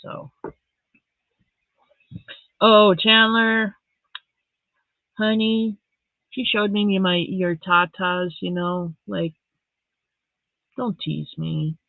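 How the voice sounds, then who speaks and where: Middle-aged lady on a live stream, chatty and soft, tinny phone-ish audio, no room echo. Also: on the low side, steady tone, slow, creaky, pauses often. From Saskatchewan, Canada. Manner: chatty, reads viewer comments aloud, soft and emotional. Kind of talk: casual live-stream chat. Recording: tinny phone-like dry sound.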